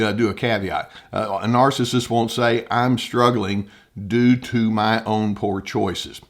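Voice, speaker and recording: A man's voice: medium pitch, gravelly. A man who works as a therapist, explaining a topic to viewers in an unscripted way, often restarting phrases and quoting example statements. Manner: thoughtful, with frequent restarts and quoted example statements. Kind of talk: unscripted teaching talk to camera.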